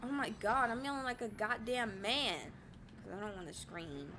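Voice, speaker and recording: A woman's voice: fairly high pitch, animated, normal speed, background noise. A woman playing a horror game and commenting as she goes. She jumps, screams and swears, and she cracks jokes at the game's characters. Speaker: let's play gamer.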